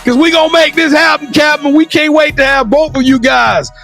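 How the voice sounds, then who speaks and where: Male sports podcast host, very high voice with grit, loud and emphatic. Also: steady tone, a little fast, vocal fry, faint music behind. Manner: hype, emphatic, often shouting praise. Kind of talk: energetic sports show sign-off.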